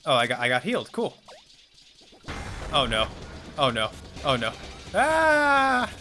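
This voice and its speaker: A man's voice: mid-range voice, expressive, moderate pace, pushed and bright, faint music behind. A man giving casual let's play commentary, reactive and exclaiming, correcting himself often.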